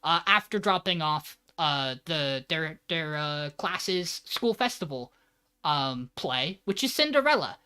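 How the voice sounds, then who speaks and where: A man's voice: a little high, animated, takes it slowly, pushed and bright, smooth. A man co-hosting a podcast, giving a loose, joking plot recap and swearing freely. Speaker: podcast co-host.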